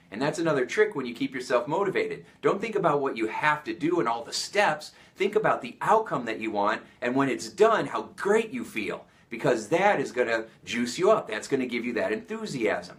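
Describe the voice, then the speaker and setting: A man with an American accent giving an energetic motivational talk, coaching listeners with many questions. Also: mid-range voice.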